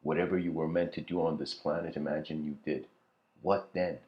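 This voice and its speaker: A man giving a reflective, casual spoken lecture, musing aloud with loose asides and frequent throat clearing. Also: extremely low pitch, fairly even intonation, a little fast, highs cut off.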